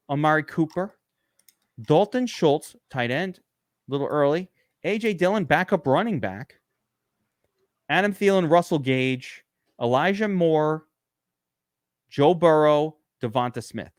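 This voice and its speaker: A man's voice: a little high, dry recording, clean studio sound. Emphatic man co-hosting a sports podcast. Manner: emphatic, animated, rapid-fire. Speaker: fantasy football podcast co-host. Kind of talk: casual sports podcast banter.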